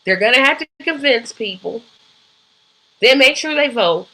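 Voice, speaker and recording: Woman host, bright and somewhat high-pitched, conversational live-stream commentator who asks "right?" often. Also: lively intonation, moderate pace, rough recording. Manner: conversational and opinionated, with frequent ums and rhetorical "right?". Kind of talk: casual political commentary.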